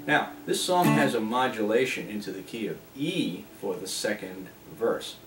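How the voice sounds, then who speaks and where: A man teaching a guitar lesson, explaining chords and strumming while he plays, sometimes singing a line. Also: on the low side. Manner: unhurried, explains while playing, breaks into singing. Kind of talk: relaxed guitar lesson, talking and singing along. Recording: roomy sound, mic at a distance, loud guitar. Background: his own guitar playing.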